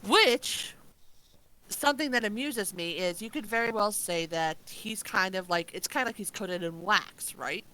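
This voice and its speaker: A woman's voice: mid-range voice, moderate pace, pushed and bright, low-quality recording. A woman co-hosting a casual review podcast, playful and insistent, laughing often. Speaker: podcast co-host.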